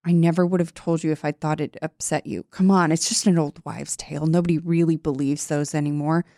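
A woman reading a soft, coaxing controlling man. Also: sits low, fairly even intonation, brisk, gravelly, no echo, clean studio sound.

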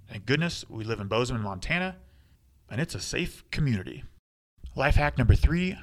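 A man's voice: mid-range voice, lively intonation, normal speed. A man hosting a podcast, talking casually and upbeat in a solo monologue. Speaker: podcast host.

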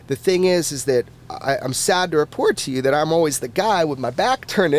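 A man being interviewed as a podcast guest, who talks in an animated and casual way, swears freely and often restarts his words. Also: fairly high pitch, a little fast, hardly any pauses.

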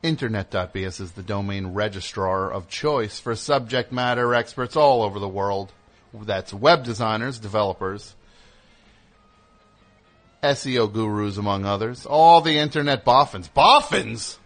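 A man's voice: on the low side, normal speed, soft background music. Man hosting a rambling call-in show. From United States. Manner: jokey, rambling, mock-earnest ad read. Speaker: radio show host. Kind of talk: live call-in radio show with ad reads.

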